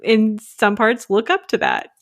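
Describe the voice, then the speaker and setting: A woman's voice: medium pitch, wildly swooping pitch, unhurried, no room sound, clean studio sound. A woman hosting a podcast interview, asking curious follow-up questions and sharing her own stories. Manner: inquisitive, asks follow-up questions. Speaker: podcast host.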